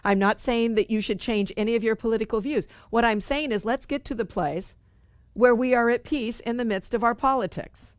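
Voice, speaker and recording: A woman's voice: a little high, moderate pace, smooth, no echo. Woman, middle-aged, spiritual study group teacher, earnest, conversational, repeats herself for emphasis, dry close sound.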